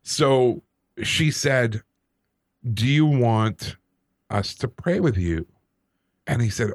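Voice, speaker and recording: A man on a podcast, casually telling a personal story in an animated, self-deprecating way. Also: medium pitch, takes it slowly, pauses often, no echo, clean studio sound. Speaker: podcast co-host.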